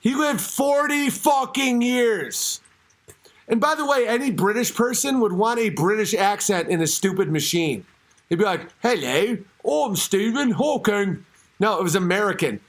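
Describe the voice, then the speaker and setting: A man hosting his own show, ranting in a profane, rambling, animated comedic monologue. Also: sits high, normal speed. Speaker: show host. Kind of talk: comedic podcast rant.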